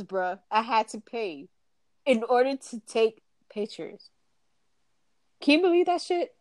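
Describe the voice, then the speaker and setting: A woman's voice: a little high, expressive, unhurried, no room sound. A woman co-hosting a podcast, telling a story in casual chat, acting out quotes, swearing and laughing often. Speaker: podcast co-host.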